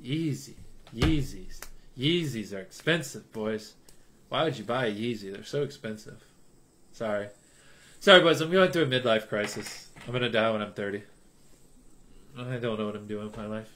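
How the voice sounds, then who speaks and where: Young man, livestream chat, jokey, loud hype then mumbling, bright voice, keyboard clicks behind. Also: lowish voice, normal speed, long pauses, a little hiss or hum.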